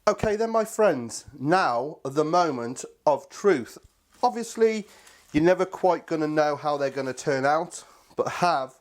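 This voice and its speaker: A man hosting a casual cooking video, chatty and enthusiastic, talking to viewers as his friends. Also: fairly high pitch. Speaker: cooking channel host.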